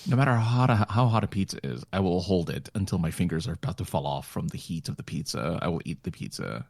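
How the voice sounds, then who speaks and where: A man with a deep, gravelly voice that is husky at the edges. His pitch swings lively as he tosses in dry, wry remarks during casual podcast chat. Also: fast, dry recording. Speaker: podcast co-host.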